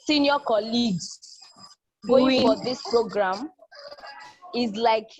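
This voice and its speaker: A woman's voice: a little high, takes it slowly, crowd noise. A young woman, a college student speaking in an enthusiastic, casual testimonial that repeats phrases for emphasis. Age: young adult. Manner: enthusiastic, repeats phrases, acts out quoted people. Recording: dull lo-fi dry recording.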